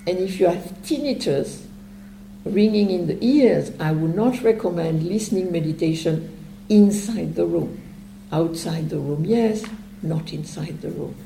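A woman gives meditation instruction at a slow, unhurried pace. Her voice is low and mellow with a gravelly edge. The talk rings in an echoey hall over a faint hum. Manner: slow, gentle and explanatory, with long pauses. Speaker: meditation teacher. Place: retreat center meditation hall.

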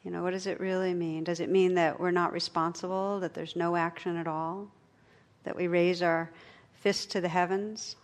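A middle-aged woman giving a meditation talk, telling stories and jokes with gentle pauses. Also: fairly low pitch, little pitch movement. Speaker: meditation teacher. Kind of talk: dharma talk.

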